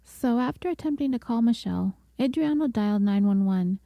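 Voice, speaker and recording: A woman narrates a true-crime story in a measured, deliberate manner, her voice mellow and a little high. The sound is close and dry, with no room around it. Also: expressive, creaky, dry recording. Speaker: podcast host.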